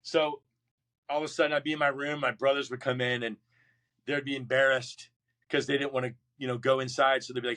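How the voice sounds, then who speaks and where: This middle-aged man talks fast with a medium-pitched voice. As a Marine veteran being interviewed about his life, he animatedly acts out quoted voices and frequently starts over mid-thought.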